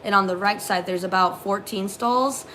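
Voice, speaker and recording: A young woman co-hosting a casual live stream, telling animated work stories with many fillers. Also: medium pitch, moderate pace, a little hiss or hum. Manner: animated storyteller, lots of fillers. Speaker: co-host, former theme park custodian.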